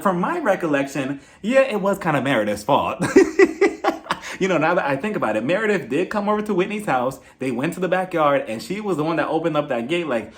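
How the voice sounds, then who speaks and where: A man's voice: on the high side, big pitch swings, brisk. A man giving a casual, giggly and sarcastic recap review of a reality show. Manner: giggly, sarcastic, acts out quotes.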